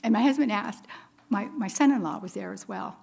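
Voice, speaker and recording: A woman's voice: mid-range voice, fairly quick, gravelly, a little mellow, slightly rough. A woman in her fifties giving a personal testimony sermon, earnest and storytelling, laughing at herself along the way. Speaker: women's ministry speaker.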